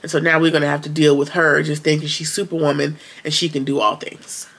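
A woman casually recapping a TV episode, retelling it in a colloquial, animated way with sarcastic asides. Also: low voice, a little fast, breathy edge. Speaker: TV episode reviewer.

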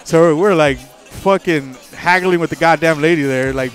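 Male stream host, slightly high voice, swears freely, animated storyteller; light music underneath. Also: moderate pace, hardly any pauses. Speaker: livestream host.

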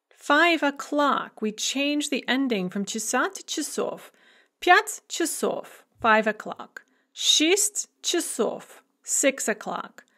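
A woman teaching a language in a recorded lecture, with a somewhat high voice. She takes her time, sounding out each example phrase slowly and carefully. Her explanations are clear and methodical. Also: a bit bright. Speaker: language instructor.

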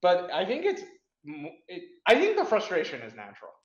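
Young male guest, casual and blunt, halting rambly delivery, roomy muffled sound. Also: high voice, wildly swooping pitch. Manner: rambling, frank, lots of fillers and restarts. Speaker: interview guest, competitive programmer. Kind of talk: casual interview chat.

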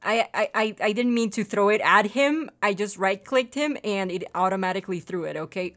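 A woman's voice: medium pitch, fairly quick, hardly any pauses, fairly bright tone. A woman giving let's play commentary, chatty and cooing to her in-game puppy. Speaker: gaming video creator.

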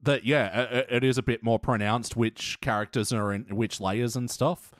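A man's voice: mid-range voice, steady tone, normal speed, no room sound, clean studio sound. A man hosting a podcast in casual chat, leading the talk with a joking manner and the odd swear word. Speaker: podcast host.

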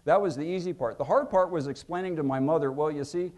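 A man in his fifties, an author telling anecdotes to an audience at a museum event, acting out quotes with lively pitch and volume. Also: fast. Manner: animated, acts out quotes with lively shifts in pitch and loudness. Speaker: author giving a book talk.

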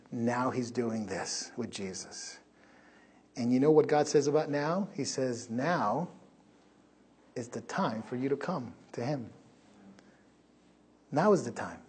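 A male pastor preaching a sermon in a church, emphatic, swinging from loud peaks down to a hush. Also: fairly high pitch, slightly rough. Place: church sanctuary.

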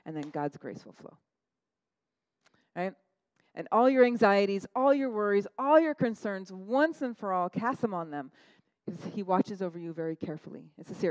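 A woman pastor preaching a sermon, animated, laughing at her own asides and acting out quotes in a higher voice. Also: moderate pace, dry recording, poor audio.

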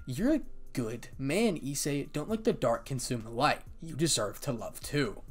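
A man voicing a gentle young woman with animal ears. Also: mid-range voice, animated, measured pace. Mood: encouraging. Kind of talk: fan story reading.

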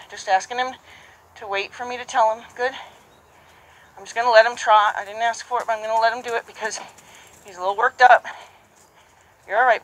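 A woman's voice: a little high, fairly bright tone, poor audio. A woman horse trainer who explains each step aloud and murmurs soothingly to the horse she is working with. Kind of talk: narrated training session. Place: horse arena or round pen. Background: hoofbeats and horse sounds.

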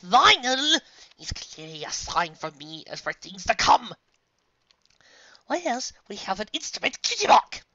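A woman voicing a nervous, prim female pony in a fan audiobook reading, high-strung and fussy. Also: very animated, unhurried, fairly bright tone, no echo, highs cut off, full character voice. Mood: fretful.

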